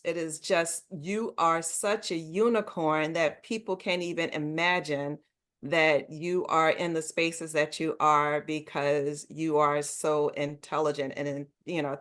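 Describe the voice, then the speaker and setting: A middle-aged woman with a fairly low speaking voice shares her own experiences as a podcast guest. She is animated and emphatic and often laughs as she tells them. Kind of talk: conversational interview storytelling.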